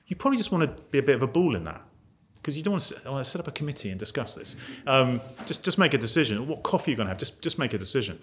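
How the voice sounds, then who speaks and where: A man's voice: medium pitch, a bit bright. British guy teaching a ministry group, chatty, voice jumps up and down a lot. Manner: conversational, acts out quoted voices. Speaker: ministry trainer. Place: meeting room with a live group.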